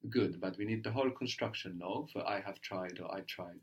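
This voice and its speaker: Guy teaching a language, patient, keeps asking then repeating the answers slow. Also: sits low. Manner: patient, prompting questions, repeats answers slowly. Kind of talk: guided language lesson.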